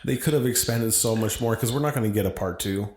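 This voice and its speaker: A man with an American accent co-hosting a casual podcast, talking in an animated, opinionated way and swearing freely. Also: on the low side, quick pace, roomy sound, a little hiss or hum. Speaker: podcast co-host. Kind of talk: casual chat.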